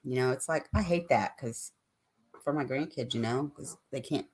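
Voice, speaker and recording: A woman's voice: extremely low pitch, normal speed, a little mellow, a little hiss or hum. An older woman hosting a live stream, chatting casually and ramblingly with her viewers and answering their comments.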